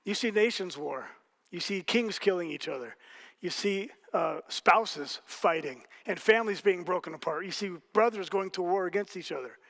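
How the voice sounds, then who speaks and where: A man's voice: sits high, moderate pace, vocal fry, fairly bright tone. A man preaching a sermon as pastor, telling stories casually with jokes and asides to the congregation. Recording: hall reverb.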